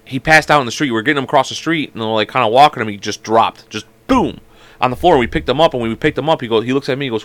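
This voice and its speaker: A man co-hosting a casual sports chat, rattling off stories at a quick clip and cursing freely. His voice is mid-pitched and sounds close and dry, with no room around it. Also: a bit bright, no echo. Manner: rapid storytelling, swears freely. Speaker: podcast co-host.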